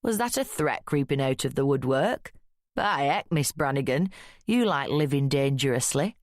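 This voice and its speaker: Lady doing a burly yorkshire cop, blunt and scathing, low voice, dry sound. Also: expressive, normal speed, no room sound. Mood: amused. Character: burly gruff male drug squad detective.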